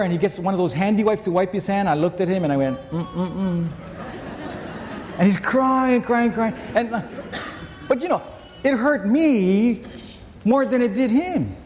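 A man preaching a sermon in a church, telling a personal story in a conversational, emphatic way that swings between loud and hushed. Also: high-pitched, long reverb tail, slight background noise. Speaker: pastor.

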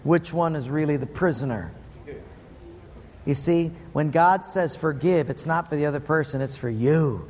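A man's voice: fairly high pitch, moderate pace, darkish tone, long reverb tail, slight background noise. A man preaching a sermon, telling stories in a punchy, playful way. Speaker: pastor.

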